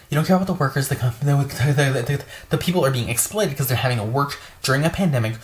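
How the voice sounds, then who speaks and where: Low-voiced woman ranting, profane and fed up. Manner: profane, exasperated ranting with many fillers. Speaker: store worker. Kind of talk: ranting vlog monologue.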